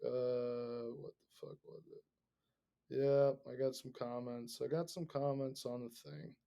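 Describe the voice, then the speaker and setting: A young man hosting a podcast, rambling in casual, profanity-laden talk that swings between mumbled asides and loud bursts. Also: mid-range voice, steady tone, measured pace, gravelly, smooth. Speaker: podcast host.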